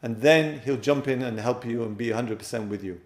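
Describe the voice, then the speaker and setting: A man's voice: medium pitch, fairly quick. A man giving a spoken lesson on marriage, emphatic and direct, often repeating his key points to listeners. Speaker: teacher giving marriage guidance. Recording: roomy echo.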